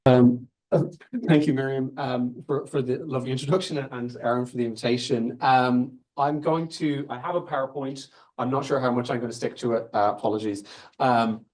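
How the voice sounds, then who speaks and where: A man with a mid-range, slightly mellow voice speaks at normal speed in a steady tone. He's an invited academic giving a seminar lecture that loosely follows slides, keeping it conversational, thinking aloud and restarting phrases as he goes.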